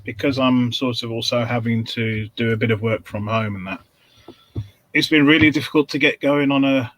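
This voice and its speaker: A man talks over a video call in a halting way, dropping ums and dry jokes. His voice sits at a middling pitch. The sound is close and dry, with no room around it. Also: a bit bright, dry recording, low-quality recording. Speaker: regular panelist. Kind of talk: casual chat on a video call.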